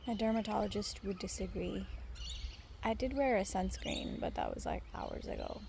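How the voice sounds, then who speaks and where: Soft, creaky-voiced young woman vlogging outdoors. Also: mid-range voice, normal speed. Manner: soft-spoken, gushing about nature. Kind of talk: casual vlog to camera. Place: outdoors in a sunny park. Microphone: phone camera held by hand. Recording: faint outdoor noise. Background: birds and outdoor ambience.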